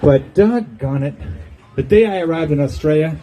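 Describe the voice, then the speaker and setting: A man's voice: fairly high pitch, animated, moderate pace, mellow, poor audio. An older man giving a humorous farewell speech on an outdoor patio, telling jokey stories and chuckling at his own punchlines. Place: outdoor golf club patio.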